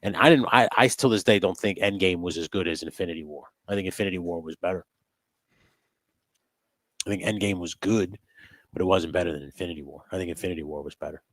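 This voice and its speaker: A man hosting a casual livestream chat, swearing freely, laughing often and telling stories with excitement. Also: low-pitched, quick pace, no room sound, studio quality. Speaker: host.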